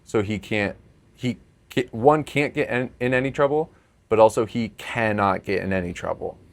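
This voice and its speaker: Casting: young male podcast host, lowish voice, chatty storyteller, easy laughs. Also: normal speed, vocal fry. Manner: storytelling, laughs often, animated when acting out scenes. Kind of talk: casual chat.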